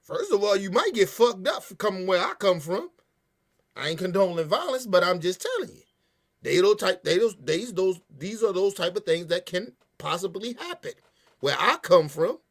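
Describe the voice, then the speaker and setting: Profane ranting man, higher-pitched voice. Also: moderate pace. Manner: profane, animated, emphatic ranting. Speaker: podcast host. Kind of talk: heated casual commentary.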